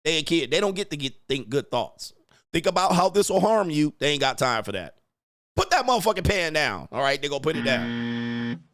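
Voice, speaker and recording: A man's voice: fairly high pitch, expressive, brisk, a bit bright, dry recording. A man giving casual, profane reaction commentary on parenting clips, blunt and laughing often.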